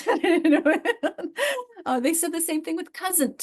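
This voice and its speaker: A woman with a New York accent leads an online class over a video call. Her voice sits a little high, and her talk is friendly and chatty, with frequent restarts. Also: animated, brisk. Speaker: literacy instructor. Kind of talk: online teaching session.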